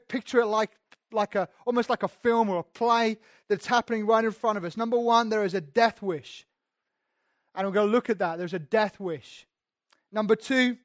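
A man's voice: high-pitched, no echo, clean studio sound. A man preaching a sermon in a conversational teaching manner, speaking directly to his listeners.

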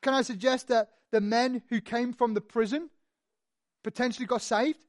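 A preacher works through a passage in an easy, conversational way, asking rhetorical questions and telling the story with animation. The voice sits at a middle pitch. The room is dry and close. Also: a little mellow, dry recording. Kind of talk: expository sermon.

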